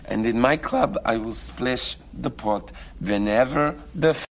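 An actor playing a swaggering poker club boss with an overdone Russian accent. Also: male voice, mid-range voice, a little slow, close to an everyday voice. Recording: noisy film clip.

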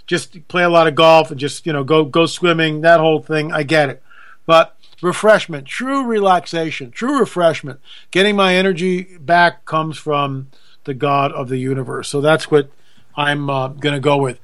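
A man's voice: on the high side, normal speed, fairly bright tone. A middle-aged man hosting a radio talk show, chatty and self-deprecating, in a folksy manner. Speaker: radio host.

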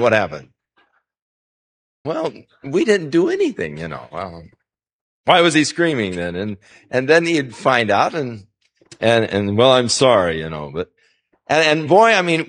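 Man preaching in a folksy, storytelling way. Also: medium pitch. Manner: folksy, anecdotal, chuckles at his own stories. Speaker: pastor. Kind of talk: conversational Bible-teaching sermon.

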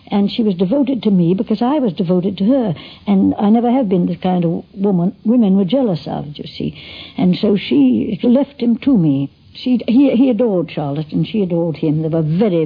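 Older lady telling old stories, kinda husky, muffled old tape sound. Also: medium pitch. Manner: chatty, lively storytelling with quoted dialogue. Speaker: interviewee. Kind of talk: reminiscing interview. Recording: dull lo-fi archive recording.

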